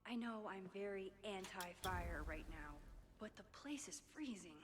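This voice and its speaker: Actress plays anxious young woman photographer, quiet reflective game monologue, long reverb tail. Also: medium pitch, moderate pace, lightly acted. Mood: worried musing.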